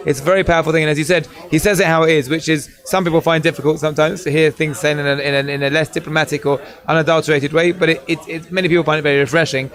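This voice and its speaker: A man's voice: a little high, fairly even intonation, rapid-fire, few pauses, fairly bright tone. A man hosting a live fundraising broadcast, chatty and rambling as he fills time.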